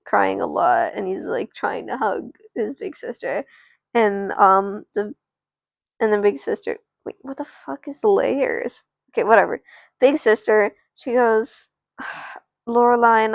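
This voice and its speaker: A woman streamer casually narrates an improvised doll story, rambling, restarting, and chatting to her viewers. Her medium-pitched voice has vocal fry, and the recording is dry.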